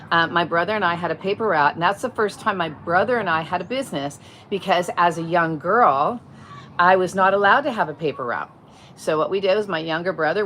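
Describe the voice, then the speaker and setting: A middle-aged woman with a fairly low voice talks through real estate on a casual livestream. She explains point by point and breaks off to greet viewers as they arrive. A faint hum of ambience sits behind her. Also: a bit bright. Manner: chatty, explains step by step, greets viewers mid-sentence. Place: at home, outdoors or by a window, wind.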